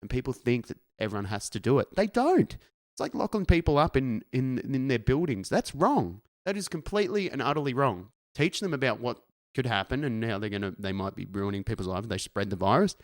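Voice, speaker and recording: A man's voice: mid-range voice, big pitch swings, brisk, hardly any pauses, no room sound. A man, co-hosting a casual podcast and ranting bluntly with lots of swearing. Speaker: podcast co-host. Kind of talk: casual chat.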